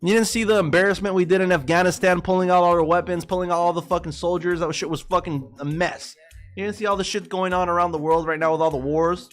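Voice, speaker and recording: A man's voice: sits high, steady tone, fast, soft background music. A man hosting a trading livestream, ranting heatedly and profanely and calling his viewers boys. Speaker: livestream host and forex trader. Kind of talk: casual livestream political rant.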